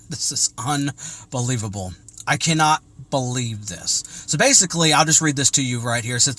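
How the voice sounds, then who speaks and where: Fired-up preachy man, bright voice. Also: a little high. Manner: agitated, repetitive, preachy. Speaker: religious vlogger. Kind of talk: impassioned commentary to camera.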